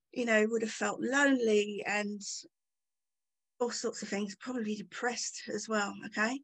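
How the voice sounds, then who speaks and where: A woman's voice: fairly high pitch, fairly bright tone, poor audio. A woman giving informal bible teaching in a conversational, enthusiastic way with many fillers.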